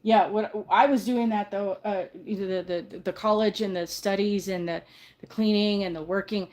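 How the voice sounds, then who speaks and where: A woman's voice: mid-range voice, steady tone, moderate pace, a little mellow. An older woman hosting a casual livestream, talking earnestly and heartfelt, often restarting her sentences. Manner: earnest, rambling, self-correcting, heartfelt. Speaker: livestream host.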